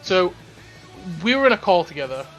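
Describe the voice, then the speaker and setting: A man's voice: high voice, normal speed, dull audio. Sweary young guy, chatty. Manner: rambling, swears a lot, animated storytelling. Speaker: podcast host. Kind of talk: casual chat. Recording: faint music underneath.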